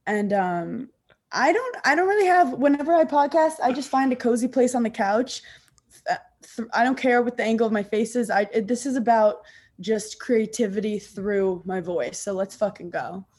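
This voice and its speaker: A woman comedian from New York with a calm, soothing voice, talking sarcastically as a podcast guest from her apartment couch over a video call. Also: a little high, moderate pace. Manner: sarcastic, self-deprecating, laughs. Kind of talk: casual interview chat.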